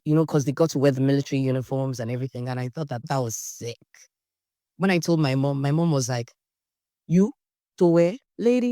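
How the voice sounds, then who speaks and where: A young woman with a Nigerian accent, a podcast guest telling lively personal stories in casual conversation and acting out the voices in them. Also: low-pitched, no echo, clean studio sound. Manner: animated storyteller, acts out quotes, Nigerian slang. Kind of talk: storytelling in casual interview.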